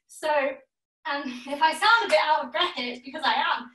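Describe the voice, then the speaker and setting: A woman's voice: high-pitched, a bit bright. A woman teaching a yoga class, calling out poses and giving friendly, encouraging instructions. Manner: encouraging, calls out poses in quick rounds. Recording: echoey room, voice from a distance.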